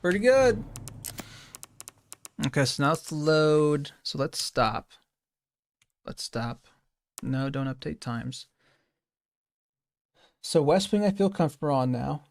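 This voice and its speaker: Casting: male streamer, gravelly voice, casual speedrun commentary, talks to himself, loops on phrases. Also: a little high, slow, pauses often, dry recording, studio quality. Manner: thinking aloud, repeating phrases, self-correcting.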